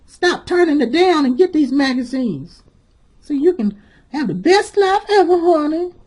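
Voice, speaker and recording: A man voicing a sassy, sharp-tongued churchgoing woman who drawls sarcastically and calls everyone honey, in a comedic character monologue. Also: very high voice, animated, unhurried.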